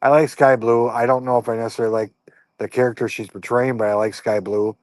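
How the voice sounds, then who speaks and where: A man's voice: medium pitch, level tone, fast, a little mellow, no room sound. A man co-hosting a wrestling podcast, recapping a show in a laid-back, hesitant way. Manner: easygoing, hesitant, lots of ums and fair enoughs. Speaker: podcast co-host.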